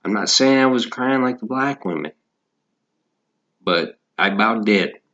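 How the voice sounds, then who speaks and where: A man's voice: lowish voice, expressive, a little slow, bright, forceful tone, dull audio. A man in a casual, profane, rambling rant about music, talking as a podcast host.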